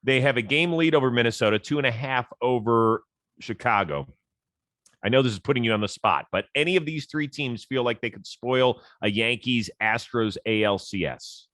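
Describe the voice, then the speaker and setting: Easygoing sports host from Ohio, dry sound. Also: male voice, moderate pace, a bit bright, dry recording. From Cleveland, Ohio. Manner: easygoing, laughs often, trails off low. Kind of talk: casual sports chat.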